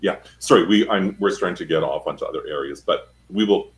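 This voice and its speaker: A man's voice: low-pitched, brisk, rough recording. A man speaking as a studio guest on a talk show, explaining speech emphatically with spoken examples. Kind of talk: instructive studio chat.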